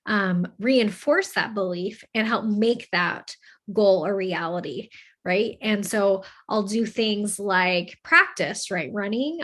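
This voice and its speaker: A woman hosting a self-help talk, earnest and encouraging, often checking in with "okay?" and "right?" and slowing down to recite affirmations. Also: medium pitch, fairly bright tone. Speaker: host of a self-help channel.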